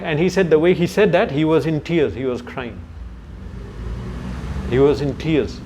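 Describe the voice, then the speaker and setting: Here the lecturer, his male voice pitched a bit above the norm, tells scripture stories to young people at a moderate pace with a slightly mellow sound. He breaks off now and then to find a word or speak directly to his audience. There's a faint hiss under it all.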